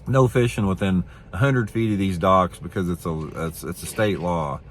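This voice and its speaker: A man putting on a bossy loudmouth dock owner. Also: sits low, normal speed, slight background noise, close to an everyday voice. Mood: bossy, angry. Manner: bossy, blustering. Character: aggressive loudmouth man ordering anglers off.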